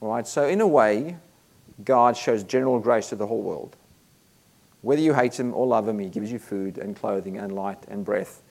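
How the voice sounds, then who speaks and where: Earnest low-voiced preacher. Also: male voice, normal speed, vocal fry, a little mellow. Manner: earnest, emphatic, reads scripture aloud. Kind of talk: sermon.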